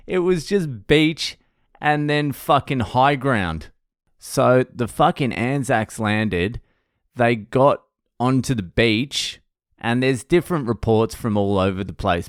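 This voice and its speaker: A man's voice: fairly low pitch, clean tone, dry recording, clean studio sound. A man with an Australian accent hosting a casual podcast, rambling through a history story with constant swearing. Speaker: podcast host. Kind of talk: casual monologue.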